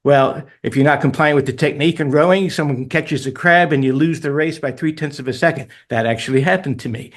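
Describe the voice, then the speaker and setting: Animated middle-aged male author storyteller. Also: a little high, fairly quick, few pauses, faint music behind. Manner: animated, tells stories with self-deprecating laughs. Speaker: author guest. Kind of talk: radio interview storytelling.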